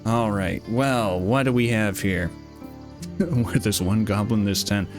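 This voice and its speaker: Brief: male let's-play host, playful and rambling, unhurried, game music clearly behind him. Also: lowish voice. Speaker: gaming video host.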